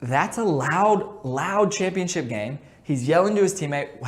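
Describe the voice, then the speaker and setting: A man's voice: a little high, expressive, normal speed. A man coaching a basketball lesson in a conversational way, often checking in with the listener. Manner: conversational, keeps checking in with "right?"; jokey asides. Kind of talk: instructional talk.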